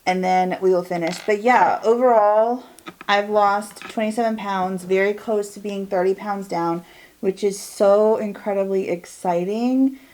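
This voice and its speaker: A woman in her forties talks through her makeup routine at home in a loose, candid way. She rambles and lets her sentences drift and trail off, like a friend catching up over a mirror. Her pitch sits right in the middle for a woman. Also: steady tone, a little mellow. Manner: candid, chatty, drawn-out and trailing off. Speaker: beauty vlogger. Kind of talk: chatty get-ready-with-me monologue.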